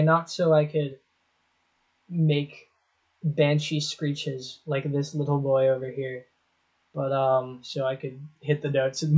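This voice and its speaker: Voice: mid-range voice, low-quality recording. A young adult vlogger giving casual reaction commentary on old clips, swearing often, mocking themself and laughing.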